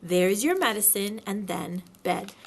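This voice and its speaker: A woman's voice: medium pitch, animated, measured pace, vocal fry, slightly rough, full character voice. A woman reading a storybook aloud and voicing a motherly female kangaroo who is cheerful, soothing and firm.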